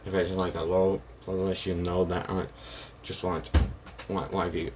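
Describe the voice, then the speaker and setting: Brief: deep-voiced man, slow and unhurried, narrating an improvised fan story, faint noise behind. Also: level tone, darkish tone. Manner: rambling, halting, acts out lines of characters.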